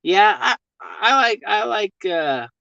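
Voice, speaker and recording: A man's voice: high voice, very animated, takes it slowly, vocal fry, sharp tone, no room sound. A man chatting with viewers on a casual live stream, rambling, swearing freely and laughing often, talking from his vehicle. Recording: dull lo-fi stream audio.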